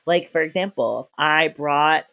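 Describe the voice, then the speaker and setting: A podcast host in a casual interview, telling chatty, animated stories full of playful quoted voices. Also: mid-range voice, a little slow, vocal fry.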